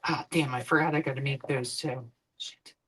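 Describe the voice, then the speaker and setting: Chatty woman with a bright voice. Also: rumbling low, steady tone, moderate pace, husky, low-quality recording. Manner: rambling, chatty, swears casually. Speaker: streamer. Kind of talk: casual chat while cooking.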